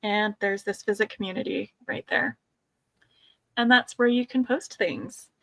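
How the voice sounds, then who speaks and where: A woman's voice: medium pitch, fairly even intonation, a little slow, bright, forceful tone, no room sound. A woman co-hosting a casual beading livestream from home, chatty and teasing, laughing often.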